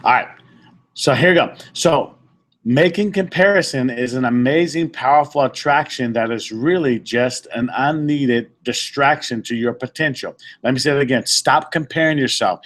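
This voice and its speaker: A man's voice: mid-range voice, normal speed, a bit bright. Emphatic man giving a motivational talk. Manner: emphatic and repetitive, restating points, stumbling on words. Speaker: motivational speaker leading a group session. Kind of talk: motivational talk to a live audience.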